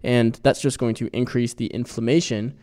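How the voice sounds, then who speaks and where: A man's voice: mid-range voice, fairly even intonation, moderate pace, darkish tone. A man co-hosting a health podcast as a doctor, talking in an engaged, chatty way and often chiming in with agreement. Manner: engaged, frequent agreeing interjections.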